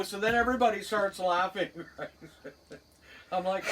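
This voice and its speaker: High-voiced Cape Breton man telling stories. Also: fairly even intonation, normal speed, a bit bright, far from the mic, low-quality recording. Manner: rambling, laughs through his stories. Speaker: podcast co-host. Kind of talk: casual storytelling chat. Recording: a bit off-mic, faint background hiss.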